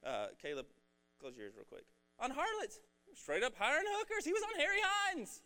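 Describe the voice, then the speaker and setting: A man's voice: very high-pitched, wildly swooping pitch, normal speed, pushed and bright. A young man giving a casual sermon, joking and slangy as he explains a Bible story. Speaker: preacher.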